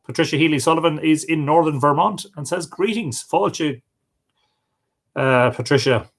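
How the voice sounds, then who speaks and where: A man's voice: on the high side, normal speed. Irish man greeting viewers live. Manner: friendly, greets viewers by name, reads their comments aloud. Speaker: livestream host reading viewer comments. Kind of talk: casual live chat.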